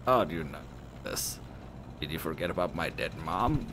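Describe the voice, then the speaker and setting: A man voicing a bitter, stern young woman crocodile who speaks low, cold and clipped. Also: animated, normal speed, noisy background. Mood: bitter, cutting.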